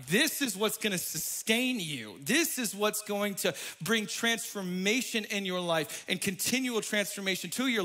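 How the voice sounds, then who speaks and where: High, bright-voiced animated pastor. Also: male voice. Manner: animated, swings from soft asides to loud exclamations. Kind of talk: energetic sermon. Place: church.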